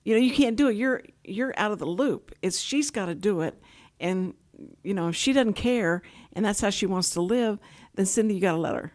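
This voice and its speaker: Older woman, talk show host, chatty rambling storyteller, mid-pitched everyday voice. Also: expressive, normal speed, a little mellow. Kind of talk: casual talk show interview.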